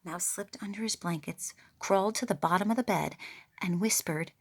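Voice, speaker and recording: A woman reading a picture book aloud, expressive and playful with her own asides. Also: on the low side, normal speed, breathy edge. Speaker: storyteller.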